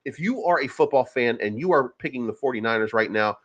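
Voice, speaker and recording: A man's voice: medium pitch, expressive, fast, fairly bright tone, dull audio. A man hosting a casual crypto livestream, rambling and profane, with many fillers and restarts. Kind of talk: casual livestream market commentary.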